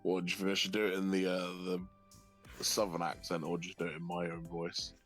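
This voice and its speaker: A man's voice: low voice, little pitch movement, brisk. A man co-streaming in casual chat, laid-back and joking. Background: background music.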